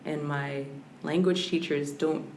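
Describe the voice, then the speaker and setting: This language scholar joins a podcast for a reflective, conversational interview, thinking aloud and frequently starting her sentences over. Her voice sits low and steady, slow and somewhat dark. Faint background hiss runs under a roomy recording.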